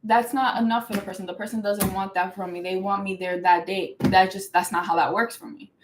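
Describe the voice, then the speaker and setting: This young show host has a mid-range voice and rambles casually through a personal story at a quick clip. Animated and emphatic, she fills her talk with "like" and keeps restarting sentences. The audio is poor, with a little hiss or hum.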